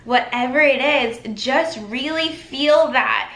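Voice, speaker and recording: A woman's voice: fairly high pitch, fairly even intonation, measured pace, hardly any pauses, fairly bright tone. A woman coaching viewers in an instructional vlog, upbeat and encouraging, speaking straight to her audience. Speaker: manifestation coach. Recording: echoey room.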